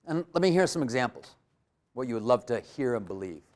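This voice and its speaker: A man giving a live motivational workshop in a room full of people, energetic and coaching the audience with direct prompts. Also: medium pitch, fairly quick. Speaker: workshop speaker.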